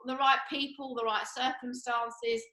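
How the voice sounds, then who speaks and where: A woman co-hosts a casual chat in an echoey room, her slightly high voice pushed and bright but flat in delivery and unhurried. She keeps things breezy and upbeat, full of fillers and bursts of laughter.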